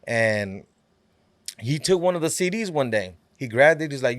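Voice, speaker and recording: A man's voice: medium pitch, lively intonation, normal speed, fairly bright tone, no room sound. A man guesting on a podcast, telling a long story in a laid-back, rambling way, full of fillers and quoted back-and-forth. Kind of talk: casual storytelling.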